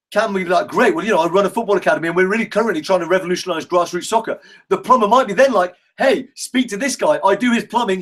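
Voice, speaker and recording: A man's voice: high-pitched, a bit bright. A man coaching a workshop group in a casual, enthusiastic way, swearing freely and acting out example conversations.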